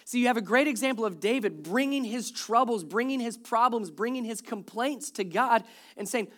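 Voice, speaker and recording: A preacher in full sermon mode, moving between quiet, earnest reflection and animated retelling of scripture stories. The voice sits at an ordinary middle pitch and keeps a conversational, joking touch with the congregation. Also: moderate pace. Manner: animated storytelling, acts out quoted complaints; jokes with the congregation. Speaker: pastor.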